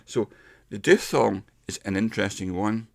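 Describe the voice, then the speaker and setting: A middle-aged man giving a casual pronunciation lesson, explaining step by step and slowing down to demonstrate sounds. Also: on the low side, gravelly, dry recording. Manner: unhurried, explains step by step with slowed demonstration words. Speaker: English pronunciation teacher.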